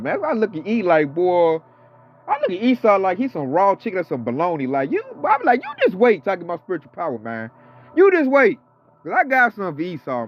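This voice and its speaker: A man in his thirties or forties giving a casual, fired-up sermon, slangy and profane. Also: sits high. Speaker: preacher. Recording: dull lo-fi audio with faint music.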